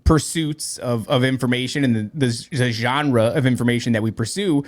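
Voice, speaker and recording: A man's voice: medium pitch, moderate pace. A man hosting a podcast in casual chat, rambling and joking with many restarts. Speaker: podcast host.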